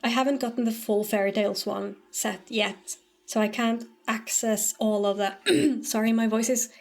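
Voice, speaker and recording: A woman's voice: medium pitch, a little slow, vocal fry. A young woman with a light Norwegian lilt, chatting casually as a streamer while gaming, rambling and filling her talk with "um" and "like". Her voice sounds a little strained from a long day of talking. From Norway. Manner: chatty and rambling, hesitant, with many "like" and "um" fillers.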